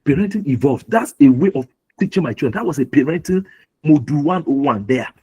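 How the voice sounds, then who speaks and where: A man's voice: a little high, expressive, quick pace, mellow, slightly rough, rough recording. A middle-aged man from Nigeria giving an earnest talk on parenting at a webinar, often repeating his key phrases for emphasis. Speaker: webinar speaker.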